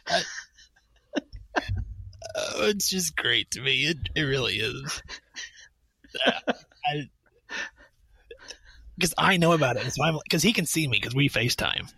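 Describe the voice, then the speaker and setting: A man's voice: on the high side, expressive, measured pace, creaky, long pauses, sharp tone, breathy edge, no echo. A man co-hosting a podcast in casual chat, upbeat and laughing often. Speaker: podcast co-host.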